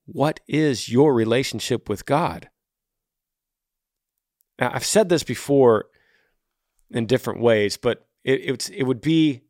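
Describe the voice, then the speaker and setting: A man with a tired voice, talking to listeners in relaxed podcast advice talk. His middle-range voice is earnest and pleading, and sometimes drops low and soft when he pushes a point. The sound is dry and close, with no room around it. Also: no room sound. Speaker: podcast host answering listener emails.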